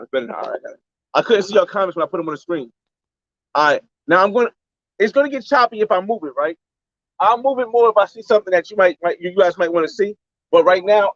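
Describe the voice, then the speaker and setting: A young man live-streaming a casual travel vlog from a beach, talking loosely in slang and shouting out viewers on a handheld phone. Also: high-pitched, dry recording. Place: outdoors on a beach by a boat landing. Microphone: phone camera held by hand. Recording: slightly dull lo-fi phone audio.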